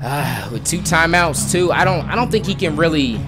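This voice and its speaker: A young man giving excited live commentary on a football video game, bursting into shouts with friends in the room. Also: a little high, normal speed. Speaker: gameplay commentator. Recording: loud music over the voice.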